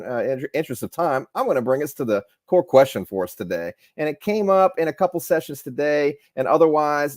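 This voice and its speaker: A man from Louisiana, an educator, giving a relaxed online workshop presentation with many filler sounds. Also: medium pitch, dry recording. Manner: relaxed, friendly, many filler ums and uhs.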